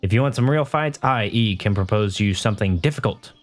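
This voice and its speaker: A man's voice: fairly low pitch, lively intonation, fairly quick, faint music behind, close to an everyday voice. Man doing a proud quest-giver from a fantasy game, lofty declaiming reading, plain male voice. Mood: grand. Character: bold male knight-challenger villager.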